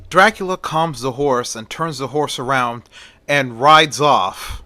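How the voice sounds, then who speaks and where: A man's voice: medium pitch, takes it slowly, pushed and bright, dry recording. A man retelling a classic horror story aloud, unscripted with fillers, lightly voicing each character.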